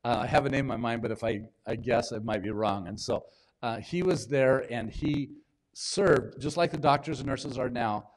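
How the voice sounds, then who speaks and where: Man preaching in a conversational way. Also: medium pitch. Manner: conversational preaching with pauses and restarts. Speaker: pastor. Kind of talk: sermon. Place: church in Washington State.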